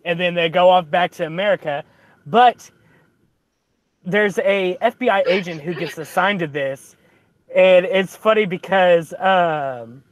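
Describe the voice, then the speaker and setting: A man rambles through a movie plot in casual conversation. His voice sits somewhat high for a man and sounds dry and close to the mic. He keeps tripping over fillers and restarting sentences. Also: measured pace, no room sound, muffled recording. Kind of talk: casual chat, retelling a movie.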